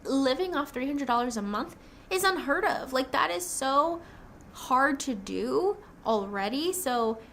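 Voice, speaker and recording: A young woman telling her personal story in a casual vlog, rambling and excitable, with many "like"s. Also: high-pitched, a little slow, a little hiss or hum. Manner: rambling, excitable, says "like" often. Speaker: new nurse vlogger.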